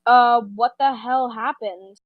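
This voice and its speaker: A woman playing a panicky young man, high voice, dry sound, quick disbelieving outbursts. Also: fairly even intonation, no room sound, narrow, tinny audio. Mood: alarmed.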